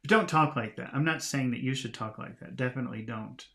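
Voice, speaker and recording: Man, English teacher, storybook reading, relaxed chatty explanations, self-deprecating. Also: medium pitch, quick pace. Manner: relaxed, chatty, laughs at himself, lively voices for quoted lines.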